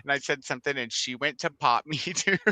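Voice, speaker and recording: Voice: mid-range voice, pushed and bright, a little hiss or hum, poor audio. A host, chatting casually and giggling through stories on a reading livestream. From Texas. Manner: giggly, storytelling, quick asides.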